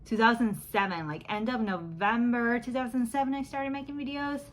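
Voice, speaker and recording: A woman's voice: on the high side, steady tone, fairly quick, slight background noise, rough recording. A woman in her thirties chatting casually at home as she does her makeup for a beauty vlog, rambling and laughing often, recorded on a phone camera. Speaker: YouTube beauty vlogger. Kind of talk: casual chat while doing makeup. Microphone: phone back camera.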